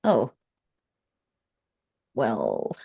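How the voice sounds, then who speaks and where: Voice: medium pitch, wildly swooping pitch, very slow, vocal fry, warm tone, husky. A player in a tabletop game speaking in character, asking short, curious questions.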